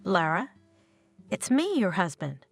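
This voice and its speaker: A woman's voice: fairly low pitch, very animated, slow, gravelly, slightly rough, faint music behind, full character voice. A woman reading the lines of a dazed, grieving middle-aged widower in a storybook narration. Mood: shocked.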